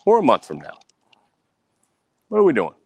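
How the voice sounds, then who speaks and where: A man's voice: wildly swooping pitch, normal speed, vocal fry, a little mellow, slightly rough, no room sound. Brash male podcast host, swears nonstop, voice swings up and down, dry close mic. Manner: angry, boastful, heavy cursing, repeats himself; mimics others in a high voice. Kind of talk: profane solo podcast rant.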